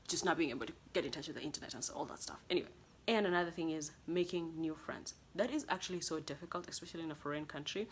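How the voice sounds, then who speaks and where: Animated young Kenyan woman vlogging. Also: a little hiss or hum. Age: young adult. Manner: animated storyteller, acts out quotes with big pitch jumps. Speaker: international college student. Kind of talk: casual vlog monologue.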